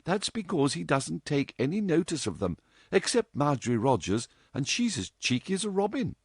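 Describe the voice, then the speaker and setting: A man doing a chattering, teasing young woman, high and lively. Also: normal speed, breathy edge, no echo, studio quality, exaggerated voice. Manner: chattering, playful, mock-dramatic.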